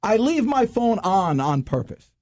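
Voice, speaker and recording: A male radio host gives sales tips in a joking, teasing way, often calling out to "ladies and gentlemen." His voice sits high and swoops all over the place. The studio mic sounds dry and close. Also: a little slow, dry recording. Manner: animated, teasing, addresses listeners as ladies and gentlemen. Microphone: studio microphone.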